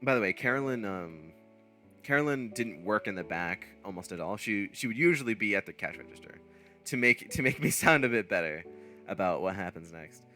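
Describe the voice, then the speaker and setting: A man tells a story in casual, meandering fashion, stumbling over fillers and restarting his sentences. His voice is bright and moves up and down a lot. Faint guitar music plays quietly underneath. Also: fairly low pitch, animated, a little fast. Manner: rambling anecdote with many fillers and self-corrections, laughing at himself. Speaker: streamer.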